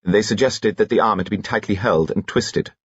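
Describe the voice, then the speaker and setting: Man doing a clipped, dry doctor, husky, muffled audiobook. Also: lowish voice, moderate pace, no room sound, voice pushed up. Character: terse, dry-witted male doctor witness.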